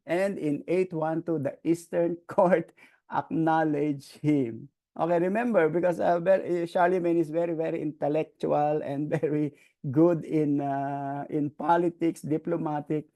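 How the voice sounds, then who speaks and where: Man, teacher, history lecture, raised pitch, gravelly, frequent "okay". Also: dark tone. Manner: frequent "okay" checks, restarts.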